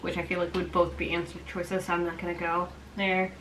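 A woman vlogger chatting through a trivia game, giggly and playful. Her voice is bright and crisp at a middle pitch, with faint noise behind it. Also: monotone, fairly quick, poor audio. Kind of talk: casual trivia chat.

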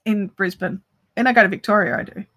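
A woman's voice: medium pitch, steady tone, quick pace, a bit bright. A woman hosting a crochet live stream, chatting casually and talking straight to her viewers as she reads their messages. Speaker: crochet livestream host.

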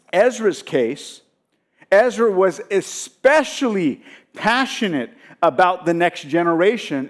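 A male pastor giving a sermon, preaching with emphasis and often putting rhetorical questions to his congregation. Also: on the high side.

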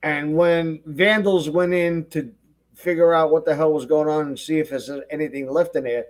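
A man's voice: a little high, fairly even intonation, normal speed. A man guesting on a podcast, telling rambling conspiratorial stories with frequent hesitations. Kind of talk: casual conversation.

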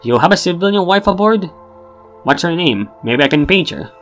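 A man's voice: fairly high pitch, animated, normal speed, a bit bright, soft background music, voice pushed up. A man doing a barking, bossy ship bartender. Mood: chummy. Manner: barking, officious, then chummy. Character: bossy young male ship bartender, drill-sergeant manner.

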